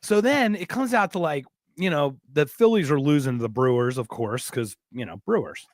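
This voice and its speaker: A high-voiced man hosts a casual podcast, telling stories with jokes and the odd swear. His voice sits close and dry, with no room around it. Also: normal speed, dry recording. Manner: animated, joking, profane. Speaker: podcast host. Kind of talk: casual storytelling chat.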